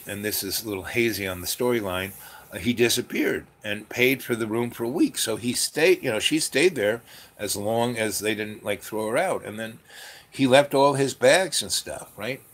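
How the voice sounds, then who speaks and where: A man hosting his own channel, telling a long story in a meandering way with lots of fillers and restarts and frequent throat clearing. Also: fairly low pitch, normal speed, a bit bright. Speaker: channel host. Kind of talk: rambling storytelling monologue.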